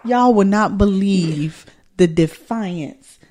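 A woman co-hosting a casual podcast, playful, with quick asides and talk straight to the listeners. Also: medium pitch, dark tone. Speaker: podcast co-host.

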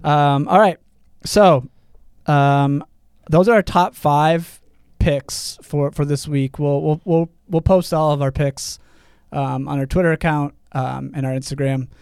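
A man's voice: on the high side, fairly even intonation, unhurried, vocal fry, darkish tone, clean tone, no room sound. A young man co-hosting a casual sports betting podcast, upbeat as he runs through the week's picks. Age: young adult. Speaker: podcast co-host.

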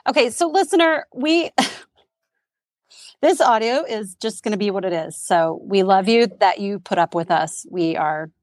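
A woman's voice: medium pitch, measured pace, no room sound. A woman co-hosting a podcast in casual chat, chatty, rambling and self-mocking. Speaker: podcast co-host.

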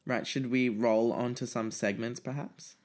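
A man's voice: mid-range voice, fairly even intonation, normal speed. Young guy co-hosting a podcast, wry, laughs a lot, casual swearing. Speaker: podcast co-host. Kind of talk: casual chat.

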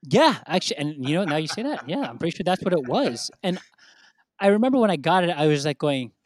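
A man telling a story in casual chat, animated, acting out what others said in raised voices and swearing freely. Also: fairly high pitch, quick pace.

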